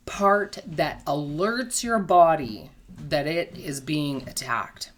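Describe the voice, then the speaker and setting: In a deep, expressive voice at a slow pace, a woman leads an informal health lesson while struggling with hiccups. She's patient, leans on everyday comparisons, and keeps checking in with "okay?".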